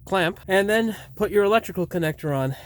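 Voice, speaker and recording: A man's voice: high-pitched, lively intonation, brisk, a little hiss or hum. A man hosting a DIY car repair tutorial outdoors in freezing weather, talking casually and swearing freely. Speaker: channel host, mechanic.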